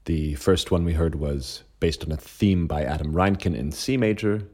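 A man hosting a music podcast, introducing pieces in a playful, measured mock radio DJ manner. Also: rumbling low, darkish tone. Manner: playful, measured announcer delivery. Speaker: podcast host.

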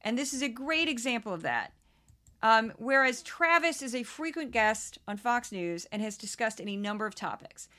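A podcast host from St. Louis, speaking with a Southern-Midwestern accent, casually comments on news clips in a candid, chatty way, laughing often and adding self-aware asides. Her voice is a little high and expressive with a sharp tone, at normal speed.

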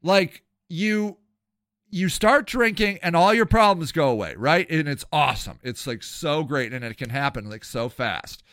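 A man of later years rambles through a casual podcast monologue, blunt and full of swearing. His voice sits a touch high for a man and comes through crisp and smooth. The sound is dry and close, with no room around it. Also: expressive, a little slow, a bit bright, dry recording. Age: older. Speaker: podcast host.

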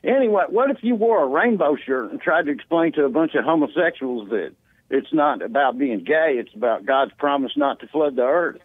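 A man's voice: fairly high pitch, animated, a little fast, slightly rough, no echo. An older man with a Texas accent, calling in to a talk show and needling the host. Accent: Texan. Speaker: caller. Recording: tinny phone line.

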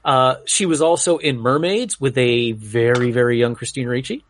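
A man co-hosting a podcast, chatting casually and giving opinions in a lively, chatty way. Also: medium pitch, normal speed. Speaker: podcast co-host.

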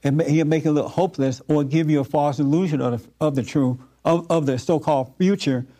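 Man, informal spiritual teaching, earnest, halting, slightly high voice, mellow tone. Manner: earnest, repetitive, halting with fillers.

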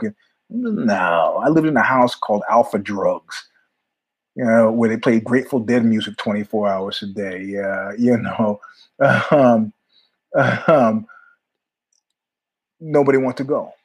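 A middle-aged man from New York hosting his own show, telling stories in a rambling, animated monologue full of asides. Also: on the low side, measured pace, pauses often, breathy edge. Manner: rambling, animated, jumps between tangents with asides. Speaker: podcast host. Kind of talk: casual monologue storytelling.

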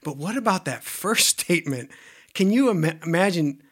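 A man hosting a podcast interview, speaking earnestly and often dropping to a quiet voice. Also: on the high side, expressive, moderate pace, breathy edge. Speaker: podcast host. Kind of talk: conversational interview.

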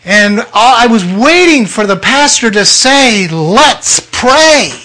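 An older man preaching a personal testimony, telling his story with emotion and sudden swings between loud outbursts and hushed moments. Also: sits high. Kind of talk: sermon testimony.

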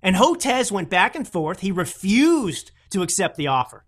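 A man's voice: high-pitched, sing-song, moderate pace, fairly bright tone. A man hosting a political podcast, delivering combative, mocking commentary. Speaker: podcast host.

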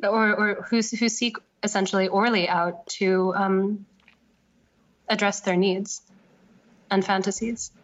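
A woman's voice: medium pitch, fairly even intonation, slow pace, pauses often. A woman novelist being interviewed, thinking aloud in a casual, hesitant way with many fillers. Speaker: novelist guest. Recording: slightly dull lo-fi sound.

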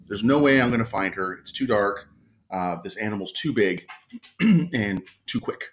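A man casually telling a personal story at home, unhurried and often clearing his throat. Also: fairly low pitch, lively intonation. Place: at home with a dog nearby.

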